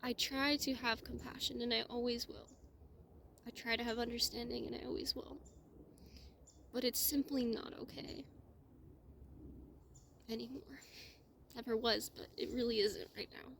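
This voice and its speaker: A woman speaking in a heartfelt personal monologue, close to tears, her voice sometimes dropping to a soft whisper. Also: on the high side, flat delivery, moderate pace, creaky, long pauses, background noise. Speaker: spiritual vlogger.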